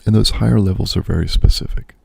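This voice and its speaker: A man's voice: low voice, fast talker, gravelly, darkish tone, husky, no room sound. A man, a priest and host, musing aloud in casual spoken reflection, often checking in with "right?".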